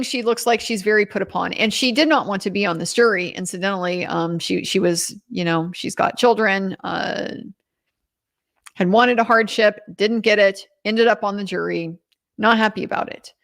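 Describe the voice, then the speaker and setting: A woman's voice: mid-range voice, normal speed, vocal fry. A woman commentator giving a casual, chatty recap of a trial, with many restarts and quoted lines.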